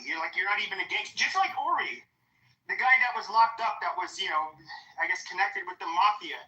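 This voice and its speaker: A woman's voice: mid-range voice, bright, forceful tone. Combative, profane woman ranting in an echoey chat room. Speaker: host. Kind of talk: heated social audio room rant. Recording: roomy echo, online audio chat.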